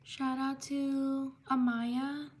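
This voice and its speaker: A woman hosting a livestream, reading viewer names in a slow, repetitive way. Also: high-pitched. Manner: slow, flat, repetitive listing with pauses. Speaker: livestream host. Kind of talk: reading out viewer shout-outs.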